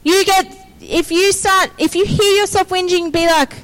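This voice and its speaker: A woman preaching a sermon, energetic and exhorting, often calling out for an amen. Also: very high-pitched, moderate pace, rough recording.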